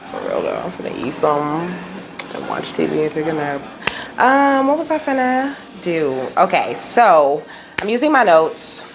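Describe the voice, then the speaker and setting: Low-voiced chatty woman reading tarot. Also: wildly swooping pitch, normal speed, background noise. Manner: chatty, slangy, laughs often. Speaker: tarot reader.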